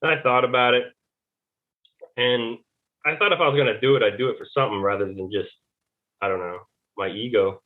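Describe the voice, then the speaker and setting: A man, a former Navy serviceman, telling his story as a podcast guest in a halting, rambling way. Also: mid-range voice. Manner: rambling, halting, retells dialogue. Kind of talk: casual interview storytelling. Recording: tinny phone-like line.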